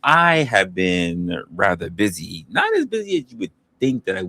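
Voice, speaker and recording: A man with a notably low voice hosts a casual livestream. He talks straight to his chat in a loose, rambling way, often restarting a sentence to fix a word or chase a new thought. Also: huge pitch swings, moderate pace, gravelly, sharp tone, no room sound. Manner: rambling, loose, self-correcting. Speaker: livestream host.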